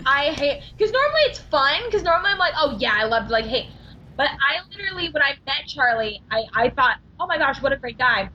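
A woman guest on a podcast interview, telling animated stories full of acted-out quotes and laughter. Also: high voice, a little fast, muffled recording, slight background noise. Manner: bubbly, animated storytelling with quoted dialogue and laughs. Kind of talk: casual interview chat.

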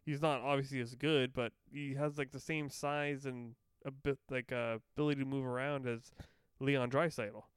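A man's voice: medium pitch, little pitch movement, moderate pace, clear, resonant tone, no room sound, studio quality. A young man casually chatting about hockey as a podcast co-host, rambling with lots of fillers and the odd swear.

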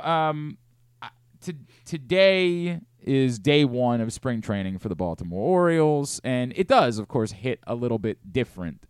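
A man hosting a sports talk radio show, ranting in an animated, exasperated way from a studio. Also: mid-range voice, measured pace, clear, resonant tone, dry recording.

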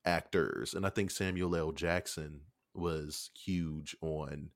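A man's voice: rumbling low, steady tone, slow, no room sound, clean studio sound. A man chatting casually on a podcast about acting, loose and profane in his speech. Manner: loose and profane, slips into quoted voices. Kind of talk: casual chat.

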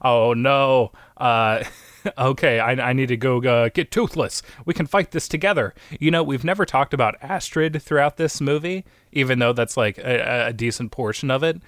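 A young man in casual chat, retelling a film plot with lively acted-out voices. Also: mid-range voice, moderate pace, no echo, clean studio sound. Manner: animated storytelling, acts out characters with voices.

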